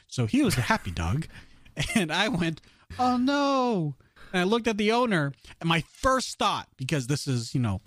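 A man co-hosting a casual podcast, telling a story with many restarts and lively quoted voices. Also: fairly high pitch, no echo, studio quality. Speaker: podcast co-host.

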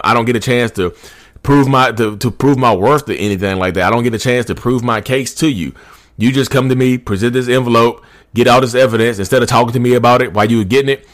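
A man's voice: medium pitch, a bit bright, close to an everyday voice. A man acting out a manipulative boyfriend who turns the blame around, talking in an indignant, wounded, rambling way. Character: defensive gaslighting boyfriend, adult man, manipulative.

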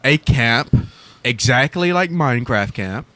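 A man's voice: medium pitch, lively intonation, a little slow, fairly bright tone, no room sound. Wry male podcast co-host. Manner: wry, teasing banter. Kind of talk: casual podcast chat.

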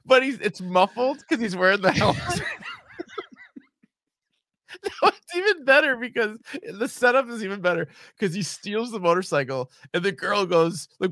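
A man's voice: high voice, expressive, normal speed, bright, forceful tone, no echo. A man in casual podcast chat, laughing often and acting out quotes from a comedy film. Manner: laughs a lot, acts out quotes in mock voices.

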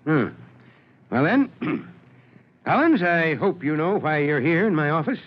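A gruff fatherly old fire chief, husky voice that swoops around, muffled old radio. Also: fairly high pitch, sing-song, slow, heavily acted. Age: older. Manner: fatherly, teasing, chuckling. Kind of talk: 1940s radio acting. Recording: dull lo-fi old radio broadcast.

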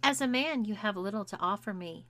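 A woman's voice: medium pitch, animated, a little fast, a bit bright, lightly acted. Woman voicing a bossy, coaxing young woman. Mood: tender. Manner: coaxing, domineering.

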